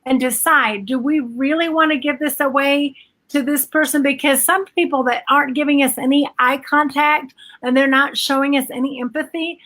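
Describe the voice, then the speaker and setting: A middle-aged woman speaks as a guest in a relaxed live-stream chat. Her voice is high and bright, and she talks haltingly, often stopping to restart her sentences.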